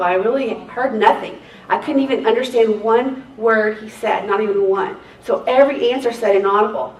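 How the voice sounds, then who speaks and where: A woman court reporter, telling lively stories at a seminar and acting out the people she quotes. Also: fairly high pitch. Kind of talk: anecdotal seminar talk to a group. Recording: echoey room, distant mic.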